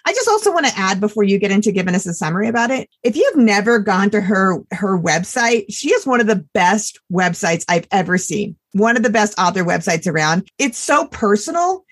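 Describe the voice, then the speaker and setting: A woman's voice: medium pitch, very animated, brisk, hardly any pauses, slightly rough. A middle-aged woman, a former teacher and parent, chatting casually as a podcast co-host, emotional and gushing, often trailing off and restarting. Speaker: podcast co-host reviewing children's books. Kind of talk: casual chat.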